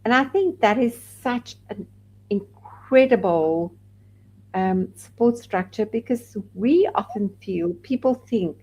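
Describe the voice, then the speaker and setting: A woman's voice: medium pitch, dull audio, slight background noise. A woman from South Africa, a podcast guest, candidly telling a personal story and acting out the people she quotes. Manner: candid, animated when quoting others.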